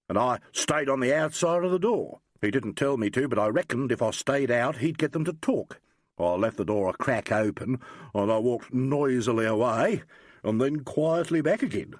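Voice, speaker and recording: A narrator puts on a young New police sergeant in an audiobook, a man eager and admiring who gushes his story in lively, bouncing tones. The voice sits close and dry. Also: medium pitch, no room sound, natural voice. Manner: chatty, admiring, slangy storytelling.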